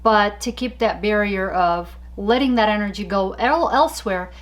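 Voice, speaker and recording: A woman co-hosting a casual talk show, telling stories in an animated, chatty way with frequent laughter. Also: medium pitch, moderate pace. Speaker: podcast co-host. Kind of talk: casual chat.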